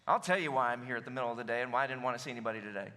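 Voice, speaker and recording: A man preaching voices the woman at the well, a guarded and weary adult woman, in a low, subdued, clipped delivery. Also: expressive, a little fast, sharp tone. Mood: resigned.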